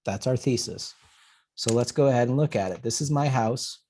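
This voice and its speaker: A man presents a webcast with a mellow, warm tone. He tells animated, data-filled stories and acts out the people he quotes. His delivery is casual and engaging. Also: medium pitch, moderate pace, a little hiss or hum. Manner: animated storyteller who acts out conversations. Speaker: urban planner giving a talk.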